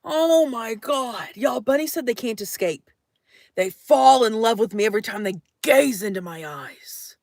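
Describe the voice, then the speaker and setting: A young woman chats on a late-night live stream in a high voice, hamming it up as she reads comments aloud. The sound is close and dry, with no room around her. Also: lively intonation, a little slow, gravelly, a little mellow, no room sound. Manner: playful and theatrical, reading chat aloud, exclaiming often.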